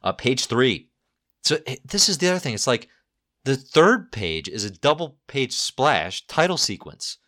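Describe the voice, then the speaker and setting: A man's voice: mid-range voice, big pitch swings, a little slow, bright, forceful tone. A man co-hosting a casual podcast, talking with enthusiasm and laughing often. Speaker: podcast co-host discussing comics. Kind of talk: casual chat.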